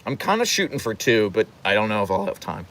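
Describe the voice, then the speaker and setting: A man's voice: on the low side, very animated, quick pace, a bit bright. A man hosting a casual livestream from home, reading out the chat and rambling playfully, slipping into voices when he retells stories.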